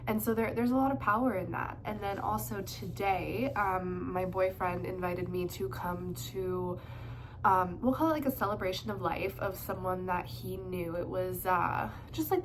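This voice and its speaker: A woman in her twenties, her voice lowish and her nose stuffed up from a cold, rambles casually about tarot and astrology in a vlog packed with fillers. Background noise is audible.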